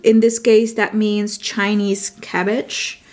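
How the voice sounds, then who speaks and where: Woman, Dutch accent, native Dutch speaker, vlogger, unhurried casual chat, thinks aloud, faint music behind. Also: medium pitch, flat delivery, darkish tone. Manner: chatty, thinks aloud, corrects herself. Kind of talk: casual chat while journaling.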